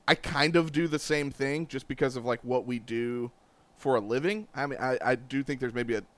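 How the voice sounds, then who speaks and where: A man's voice: medium pitch, normal speed, a bit bright. A man with a slight Southern twang co-hosting a sports podcast in laid-back, joking casual chat. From Charlotte area. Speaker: podcast co-host.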